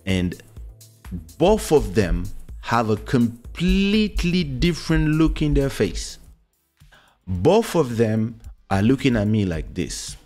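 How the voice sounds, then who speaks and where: A man hosting his own show, telling a personal story in an animated way and acting out the voices of other people. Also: medium pitch, slow, faint music behind. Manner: animated, acts out quoted voices. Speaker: host. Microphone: studio podcast mic.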